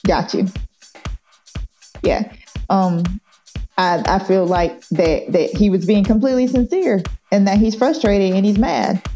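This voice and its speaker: Slow, low, mellow-voiced female co-host. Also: faint music behind. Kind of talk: casual sports chat.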